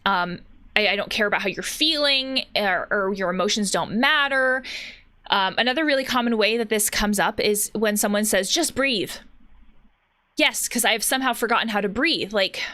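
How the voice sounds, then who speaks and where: A woman's voice: fairly high pitch, bright, forceful tone. A woman therapist chatting casually about anxiety while playing a video game, thoughtful and chatty, with many fillers and restarts. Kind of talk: casual commentary while gaming.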